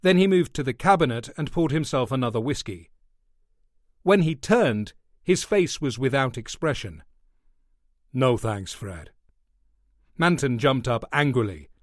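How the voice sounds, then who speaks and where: A man narrates a thriller audiobook from a script at an even, measured pace. His voice sits in the mid-range, and the studio-quality audio carries no room sound.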